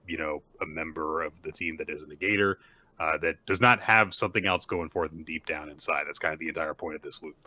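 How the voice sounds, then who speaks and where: A man's voice: extremely low pitch, steady tone, fairly quick, pushed and bright. A man co-hosting a podcast, explaining his take on a manga at length in a thoughtful, casual way. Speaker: podcast co-host.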